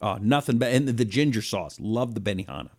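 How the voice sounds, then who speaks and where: A man hosting a solo talk show, reading listener comments and talking in an animated, rambling way. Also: fast. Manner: animated, rambling, lively swings in pitch. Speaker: radio talk show host. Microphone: own broadcast setup, fixing a failed mic on air.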